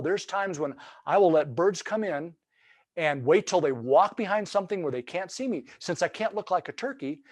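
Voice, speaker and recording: A man's voice: on the high side, no echo. Folksy man teaching turkey calling. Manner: folksy, loose and explanatory, with many restarts. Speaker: turkey hunting instructor. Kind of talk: webinar lesson.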